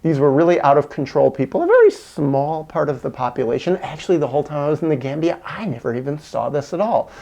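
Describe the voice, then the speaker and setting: A man's voice: fairly high pitch, very animated, fast talker, gravelly, hardly any pauses, warm tone. A man telling a personal story in an earnest, reflective monologue, repeating words for emphasis. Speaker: video essayist.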